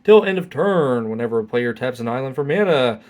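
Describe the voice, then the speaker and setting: A man's voice: mid-range voice, animated, a little fast, a little mellow. Male host, casual pack-opening commentary, reads cards, wry remarks. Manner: reads card text aloud with wry asides. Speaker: channel host.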